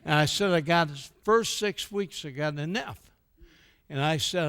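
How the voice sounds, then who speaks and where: A man's voice: a little high, moderate pace, creaky, clean tone. An older American man speaking at a church, telling stories and acting out the quoted dialogue before turning to a sermon-like message. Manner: animated storyteller who acts out quoted dialogue. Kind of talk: storytelling speech with a sermon tone.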